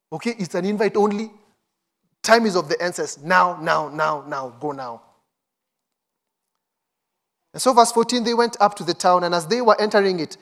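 A man's voice: sits high, a bit bright. A man preaching a sermon, reading scripture and acting out the quoted voices with urgency.

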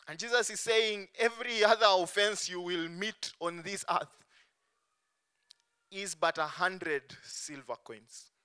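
A man preaching a sermon, stressing points strongly and letting phrase endings fall soft and low. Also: steady tone, takes it slowly, clean tone. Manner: emphatic, swings between strong stresses and soft dropped endings.

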